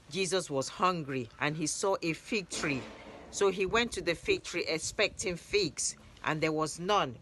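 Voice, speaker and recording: A woman narrating Bible stories in a lively retelling, raising her voice for the quoted lines. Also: sits low, a little hiss or hum. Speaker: Bible storyteller.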